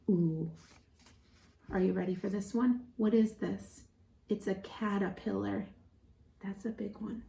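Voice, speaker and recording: Brief: female pre-K teacher, slightly high voice, very slow deliberate pacing, echoey room. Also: slight background noise. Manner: animated and encouraging, counting syllables slowly. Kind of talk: children's lesson.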